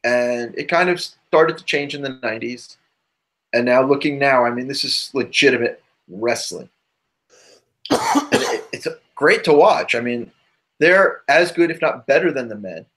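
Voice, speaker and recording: A man's voice: mid-range voice, animated, measured pace, a bit bright. A man co-hosting a podcast who drifts into asides as he talks. His delivery is loose, casual and rambling. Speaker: podcast co-host. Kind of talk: casual chat.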